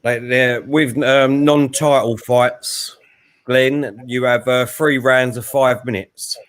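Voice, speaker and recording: A man hosting a live watchalong, giving relaxed play-by-play with fillers and asides. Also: mid-range voice, takes it slowly, smooth. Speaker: host and fight commentator. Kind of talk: casual live watchalong commentary.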